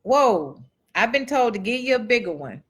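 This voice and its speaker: A woman's voice: fairly high pitch, sing-song, moderate pace, husky. A woman speaker telling a personal testimony to an audience in a chatty, folksy way, calling them y'all and acting out what people said. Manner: chatty and folksy, addresses the crowd as y'all and acts out dialogue. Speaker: motivational speaker and author.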